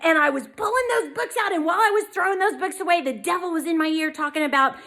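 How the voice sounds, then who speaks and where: A middle-aged woman, a pastor's wife leading a women's Bible study, telling a story casually to viewers, animated and laughing often at herself. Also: very high voice, quick pace.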